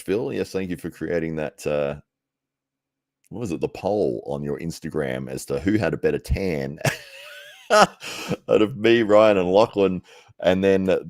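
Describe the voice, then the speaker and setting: A man's voice: low voice, dry recording, studio quality. A young man hosting a casual livestream, chatting and reading out viewer comments with frequent laughter and self-deprecating humour. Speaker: livestream host. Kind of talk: casual live-stream chat reading comments.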